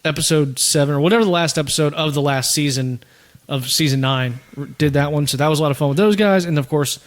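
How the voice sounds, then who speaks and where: A man's voice: a little high, fast talker. A man in his thirties hosting a podcast, telling stories in casual chat and laughing as he goes. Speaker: podcast host.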